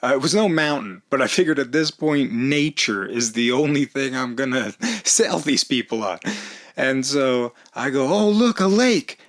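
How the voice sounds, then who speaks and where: Animated, laughing storyteller man. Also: medium pitch. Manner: animated, self-mocking, laughs often. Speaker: storyteller vlogger. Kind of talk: comedic personal storytelling.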